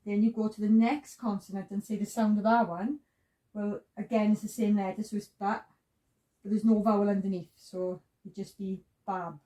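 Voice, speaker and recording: A woman's voice: mid-range voice, flat delivery, fairly quick, mellow, recorded from a distance, rough recording. A woman teaching a beginner's language lesson, patiently walking through each sound step by step. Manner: patient, repeats sounds and steps. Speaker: Hebrew teacher.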